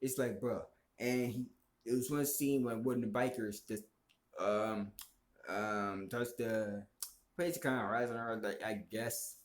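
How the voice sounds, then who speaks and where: A man's voice: medium pitch, steady tone, measured pace. A man ranting casually about movies, heated and profane, rambling from point to point. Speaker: vlogger. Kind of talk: casual opinion rant. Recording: echoey room.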